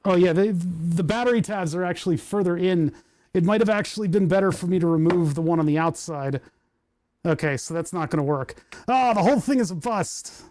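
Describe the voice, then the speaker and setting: A man's voice: high voice, a little fast, a little mellow. A man chatting casually while tinkering in his workshop, rambling and self-amused, recorded on a lapel microphone. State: hiccuping. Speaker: maker streaming a workshop project. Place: indoor workshop.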